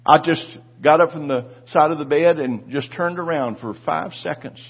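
A husky-voiced male pastor preaches with fervor, repeating his key words and drawing the congregation into call and response. His voice sits fairly high, and the recording is dull and lo-fi. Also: moderate pace. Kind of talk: sermon with personal storytelling.

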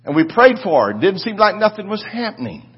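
Husky older man preaching a sermon. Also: high voice, very animated, a little fast, muffled recording. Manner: preaching with rising, shouted declarations. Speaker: pastor.

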